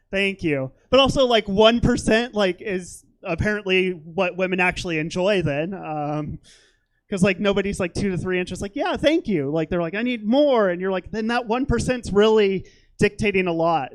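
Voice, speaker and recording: A young man doing a stand-up comedy set on a theater stage, rambling and self-deprecating, with lots of fillers. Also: high voice.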